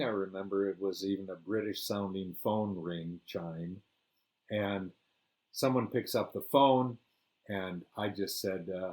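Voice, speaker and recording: Older man, low voice, travel storyteller, rambling, conversational. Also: a little slow. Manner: relaxed rambling reminiscence with fillers. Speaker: storyteller host. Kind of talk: first-person travel storytelling.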